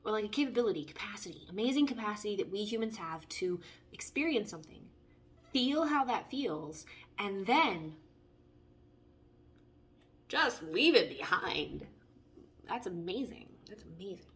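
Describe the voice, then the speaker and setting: A young woman giving a casual, playful tarot reading, chatty and animated as she talks through the cards. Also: medium pitch, moderate pace, pauses often. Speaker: tarot reader.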